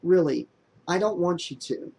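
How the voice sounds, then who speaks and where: A man voicing a determined, troubled young woman in an audiobook, speaking softly and a little higher than his own voice. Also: expressive, unhurried, vocal fry, breathy edge, heavily acted, low-quality recording. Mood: earnest, grave. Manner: soft and hushed, lightly raised voice. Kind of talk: audiobook character voice.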